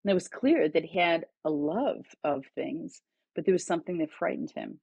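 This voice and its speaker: A woman's voice: low-pitched, normal speed, creaky, breathy edge, dry recording, dull audio. A middle-aged woman, a guest author and educator, telling stories in conversation and acting out the dialogue in them. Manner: animated storyteller, acts out quoted dialogue. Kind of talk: conversational storytelling.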